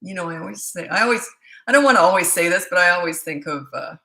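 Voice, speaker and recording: A woman's voice: on the low side, expressive, fast talker, pushed and bright. A woman in her sixties, a parenting coach chatting casually on a live stream, reading out viewers' comments and rambling between them. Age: 60s. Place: home.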